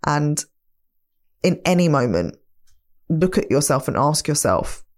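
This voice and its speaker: A woman's voice: deep voice, big pitch swings, unhurried. A woman hosting a podcast, telling a personal story in an earnest, reflective motivational monologue. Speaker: podcast host.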